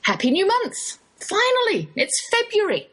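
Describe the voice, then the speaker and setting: An older woman with an English accent, hosting a radio show in a chatty, playful scripted monologue. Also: unhurried. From England. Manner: chatty, playful, lively pitch swings.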